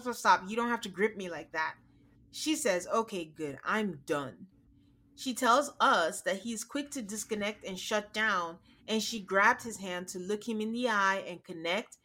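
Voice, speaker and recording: A woman co-hosting a podcast, chatting casually and retelling scenes by quoting people in a flat, drawn-out voice. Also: mid-range voice. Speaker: podcast co-host. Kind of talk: casual recap chat.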